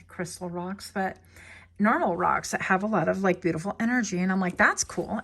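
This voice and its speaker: A woman giving a casual pick-a-card tarot reading, chatty and digressive with playful asides. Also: medium pitch. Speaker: tarot reader.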